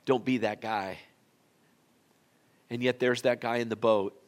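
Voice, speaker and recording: A male pastor preaching a sermon in an auditorium, telling the story in a folksy, conversational way that swings from loud to quiet. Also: mid-range voice, fairly even intonation, unhurried.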